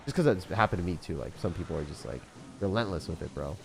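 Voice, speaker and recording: Young guy streaming, kinda low voice, super chill, says bro a lot, quiet music behind. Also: lively intonation, fast, gravelly. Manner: chatty and laid-back, says dude and bro, laughs often. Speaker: game streamer. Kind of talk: casual live-stream chat.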